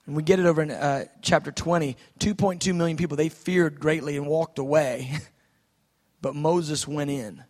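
High-voiced dramatic male preacher. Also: steady tone, normal speed. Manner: dramatic, swings from shouting to hushed. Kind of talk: sermon.

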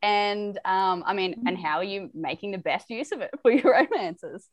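A woman's voice: medium pitch, expressive, normal speed, no echo. Chatty Australian woman hosting a podcast. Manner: chatty, laughs often. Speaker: podcast host. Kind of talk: casual podcast interview.

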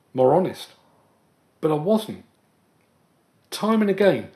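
A man hosting a podcast, telling a personal story in an earnest, measured way as a scripted monologue. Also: on the high side, darkish tone. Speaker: podcast host.

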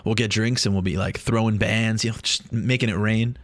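A man's voice: lowish voice, fairly even intonation, fairly quick, dry recording, studio quality. A young man talking in a casual, rambling monologue, joking and swearing freely.

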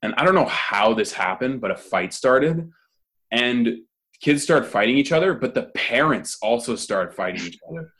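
A young man telling a story in casual chat, relaxed. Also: medium pitch, normal speed.

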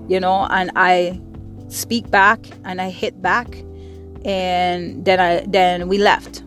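A woman's voice: lowish voice, level tone, slow pace. Angry, profane woman ranting over faint music. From Caribbean. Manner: angry, profane, repetitive emphatic speech. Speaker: podcast host. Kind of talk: impassioned monologue.

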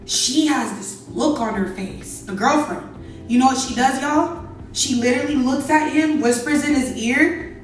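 Young woman, high-pitched, exasperated storyteller; distant mic, faint music under it. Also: unhurried. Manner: chatty, exasperated, addresses viewers directly. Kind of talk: casual storytime. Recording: very echoey room, away from mic, faint music.

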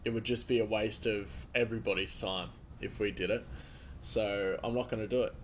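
A man's voice: fairly low pitch, steady tone, normal speed, a little hiss or hum. A man who works as a chef hosts a podcast, telling rambling anecdotes in casual chat and laughing often.

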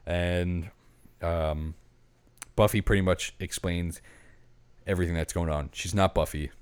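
A man's voice: deep voice, steady tone, a little slow, a little mellow, clear, resonant tone, no room sound. A man co-hosting a podcast, retelling a movie plot in loose, profane casual chat and acting out the characters' lines. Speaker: podcast co-host.

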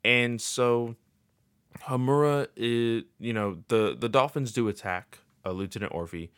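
A man's voice: medium pitch, a little slow, fairly bright tone, clear, resonant tone, no room sound, clean studio sound. A man casually recapping a game's story in a rambling way, with lots of filler words. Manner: rambling, filler-heavy with many uh and like.

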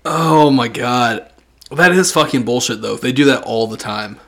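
A man's voice: mid-range voice, vocal fry, a bit bright. A man chatting casually on a podcast, joking and riffing with laughter. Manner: jokey, quick to laugh and riff. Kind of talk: casual chat.

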